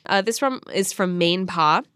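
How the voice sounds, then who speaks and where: A woman hosting a casual podcast, reading listener emails aloud in a giggly, animated, self-mocking way. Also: on the low side, measured pace, clear, resonant tone, no room sound, clean studio sound. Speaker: podcast host.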